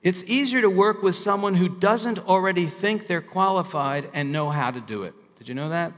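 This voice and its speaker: A man preaching a sermon, slowing down and pressing hard on the lines he wants to land. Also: high voice, fairly bright tone. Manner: emphatic, slows down to stress key lines. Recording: hall reverb.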